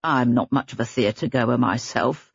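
A woman's voice: very deep voice, measured pace, vocal fry, slightly rough, no room sound, dull audio, voice pushed down, heavily acted. Woman reading as a practical male police inspector. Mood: matter-of-fact.

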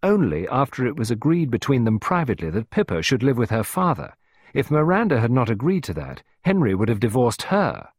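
A man voicing a composed young wife in a storybook reading, speaking in a crisp, clipped, indignant way. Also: medium pitch, sing-song, normal speed, a little mellow, no room sound, studio quality, voice pushed up. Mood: sharp. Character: sharp composed young wife, quick to rebuke.

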